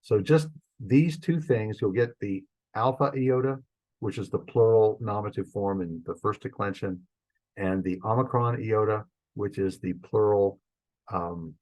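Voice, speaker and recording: A man teaching a Greek grammar class, explaining the rules step by step in a relaxed, informal way with frequent fillers and restarts. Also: lowish voice, measured pace, low-quality recording.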